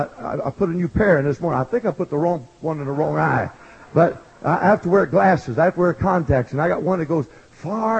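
An older man preaching in a large church, swinging from shouted pleading to quiet joking asides with a husky voice. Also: fairly high pitch, dull audio. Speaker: pastor. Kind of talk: evangelistic sermon.

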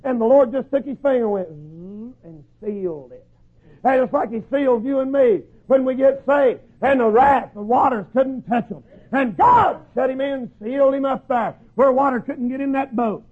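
Man, preacher, folksy sermon, husky, phone-like sound. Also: very high-pitched, normal speed. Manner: folksy storytelling, acts out voices, shouts at peaks. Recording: tinny phone-like lo-fi recording.

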